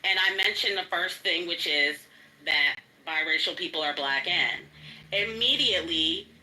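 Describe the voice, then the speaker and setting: Woman trash talking, lowish voice, bright and sharp, bit of background noise. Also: measured pace, reverberant, low-quality recording. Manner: mocking, profane, talks over others. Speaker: participant in an audio chat room argument. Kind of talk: heated argument.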